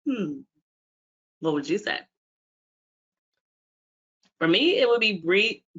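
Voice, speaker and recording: A woman from Washington, D.C. gives a webinar talk as a physical therapist. Her voice is bright and forward, and she keeps asking the audience questions. The audio is dull and lo-fi, like a webinar stream. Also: lowish voice, expressive, slow pace, pauses often, slightly rough. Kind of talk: webinar presentation.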